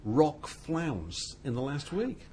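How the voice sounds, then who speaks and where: A man co-hosting a casual studio chat, rambling and animated, laughing often. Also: fairly high pitch, slow pace, crowd noise. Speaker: co-host.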